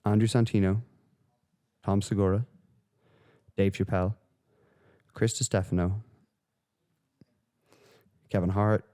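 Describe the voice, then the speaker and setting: A man's voice: on the low side, little pitch movement, slow pace, long pauses, mellow. A man hosting a solo podcast, rambling and swearing through casual commentary with lots of fillers. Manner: profane, rambling, with frequent fillers. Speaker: podcast host.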